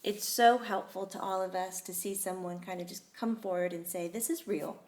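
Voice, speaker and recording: A woman hosts a casual talk show in an upbeat, effusive way. She chats easily with her guests and warmly thanks her listeners at the close. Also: medium pitch, fairly even intonation, moderate pace. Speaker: host.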